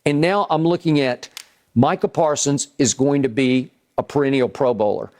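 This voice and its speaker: A man's voice: medium pitch, moderate pace, darkish tone. An older man hosting a sports debate show, making emphatic points and repeating phrases for stress.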